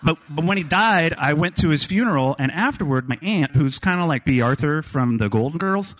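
A man's voice: on the high side, expressive, fairly quick, a bit bright. A middle-aged man from Kansas telling family stories on stage in a wry, joking way. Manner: wry, joking, acts out voices in quotes. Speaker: storyteller. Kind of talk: live storytelling on stage.

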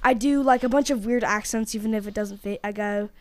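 A woman in a casual chat, excitable and jokey. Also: medium pitch, fairly quick, slight background noise.

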